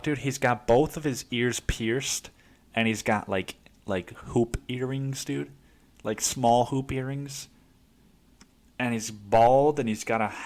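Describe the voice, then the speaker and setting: A man hosting a podcast, telling a story in a casual, profane, rambling way, with "dude" in nearly every phrase and quick put-on voices for the people in it. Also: medium pitch. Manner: acts out other people's lines in quick voices. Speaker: podcast host.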